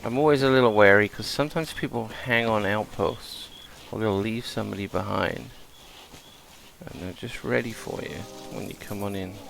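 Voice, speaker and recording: Gravelly British man commenting on gameplay. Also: fairly low pitch, moderate pace, fairly bright tone, a little hiss or hum, rough recording. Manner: chatty, explains game mechanics while playing. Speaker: gameplay streamer.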